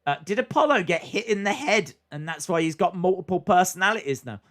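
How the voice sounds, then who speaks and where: A man's voice: high-pitched, lively intonation, brisk, fairly bright tone. A man hosting a live stream, chatting casually as he reacts to a wrestling show and reads viewer comments aloud.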